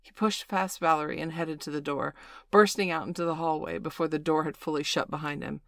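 Woman narrator for audiobook, low steady voice, dry close sound. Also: fairly quick, creaky, dry recording.

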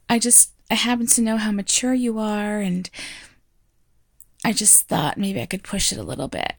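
A woman's voice: mid-range voice, vocal fry, a little mellow, no echo, studio quality. A woman voicing a frank, playful female teacher in an audio role-play, teasing and laughing often. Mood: reassuring.

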